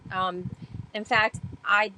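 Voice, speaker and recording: A woman guest on a podcast telling her stories in a chatty way, with many fillers, and growing animated when she acts out past talk. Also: mid-range voice, slow, a little hiss or hum, rough recording. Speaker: podcast guest, sailor and author. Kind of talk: casual storytelling interview.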